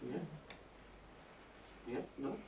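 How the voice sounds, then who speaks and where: Speaking extremely slowly, this lecturer gives a public poetry talk in an indoor room, walking the audience through ideas step by step and often checking in with them. A crowd can be heard in the background. The sound is roomy and distant, with faint hiss.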